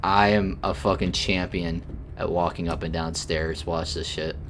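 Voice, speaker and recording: A man giving crude, mocking commentary while playing a video game, breaking into sudden yelps and shouts. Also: low-pitched, fairly even intonation, unhurried, noisy background. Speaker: gaming streamer. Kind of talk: profane let's-play commentary.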